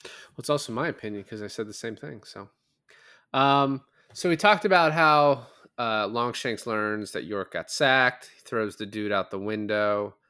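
A man's voice: fairly low pitch, a little slow, sharp tone, clear, resonant tone. A man co-hosting a podcast, casually recapping a film, rambling and laughing as he retells scenes. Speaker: podcast co-host. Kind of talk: casual movie recap chat.

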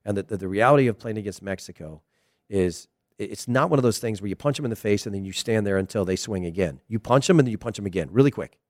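A man's voice: fairly low pitch, fast talker, a little mellow, no room sound, studio quality. A middle-aged American man, a former player, giving a digressive, emphatic casual commentary monologue. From United States.

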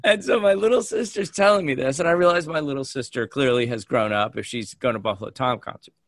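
A man's voice: medium pitch, quick pace, dry recording, studio quality. A man in his fifties with an American accent, telling a story in casual podcast chat and acting out the people he quotes. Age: 50s. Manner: animated, acts out quoted voices. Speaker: podcast co-host.

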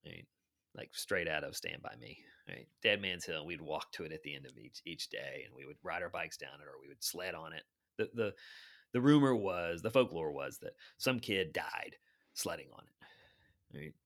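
A man in his fifties, an author guest, telling anecdotes in a chatty, animated way. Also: rumbling low, moderate pace, gravelly. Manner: animated storyteller, chatty asides. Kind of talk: anecdotal storytelling.

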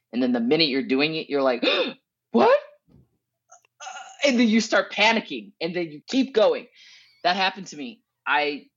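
Guest: lively woman from Southern California, casual storyteller, acts out her past thoughts with big pitch jumps, dull dry recording. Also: slightly rough, no room sound. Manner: swears casually and laughs between thoughts. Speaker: guest, educational consultant.

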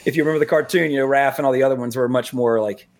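A man's voice: mid-range voice, racing. A man in his forties hosting a casual podcast, rambling loosely, with frequent chuckles and restarts. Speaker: podcast host.

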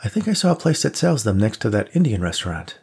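A perky, quick-witted young woman with a lilting, cheeky way of talking, as a man puts her on. Her tone sits above his low, husky natural voice, and it still has a gravelly edge underneath. It is an audiobook character voice. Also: very animated, darkish tone, exaggerated voice.

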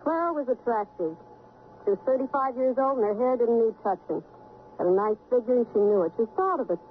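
A woman's voice: a little high, animated, slight background noise, natural voice. Woman playing a sardonic beauty parlor owner. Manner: brisk, sardonic, worldly. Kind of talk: 1950s radio drama acting. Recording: tinny old radio broadcast.

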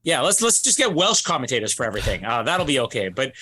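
A man's voice: medium pitch, very animated, fast, pushed and bright. A man from Canada co-hosting a casual sports podcast, easygoing and hesitant, with frequent restarts. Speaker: podcast co-host.

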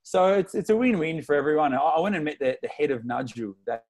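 A man in his twenties from Melbourne with an Australian accent, a podcast guest excitedly telling stories in slangy, casual talk. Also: fairly high pitch, fast talker. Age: 20s. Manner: excitable, slangy, tells stories with lots of retold dialogue. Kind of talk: casual interview storytelling.

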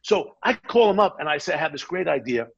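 A man telling a long anecdote in a casual chat, animated and often quoting the people in his story. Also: fairly high pitch, quick pace, vocal fry, slightly rough, lo-fi sound. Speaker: guest.

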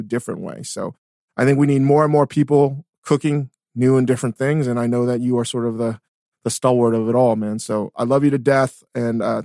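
A man hosting a podcast interview, talking in an excited, casual way with many restarts. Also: medium pitch, dry recording, clean studio sound. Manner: enthusiastic, stammers on restarts. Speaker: podcast host.

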